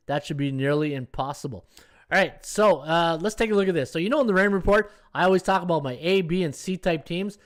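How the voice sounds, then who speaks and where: A man's voice: a little high, smooth. A man in his fifties hosting a sports betting podcast, talking casually and often tagging his points with "right?". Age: 50s. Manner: chatty, tags lines with "right?". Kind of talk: casual live-stream commentary.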